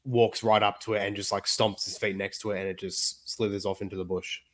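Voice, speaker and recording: A man's voice: fairly low pitch, flat delivery, brisk, fairly bright tone. A man with an Australian accent, a guest on a video call, telling stories in a chatty, rambling way. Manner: chatty storyteller, rambling with fillers. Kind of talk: casual interview chat.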